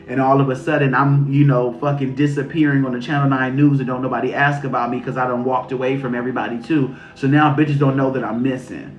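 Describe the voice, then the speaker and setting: A man's voice: mid-range voice, level tone, fast, few pauses. A man giving a casual spiritual reading on a live stream. He talks loosely and profanely, repeats phrases and often breaks into laughter. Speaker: intuitive reader channeling messages. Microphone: phone during a live stream. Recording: roomy, slightly muffled stream audio with faint music.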